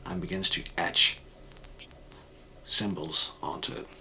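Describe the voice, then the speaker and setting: A man running a tabletop role-playing game as game master, narrating scenes in a measured, descriptive way. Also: low-pitched, steady tone, vocal fry, sharp tone, a little hiss or hum, rough recording.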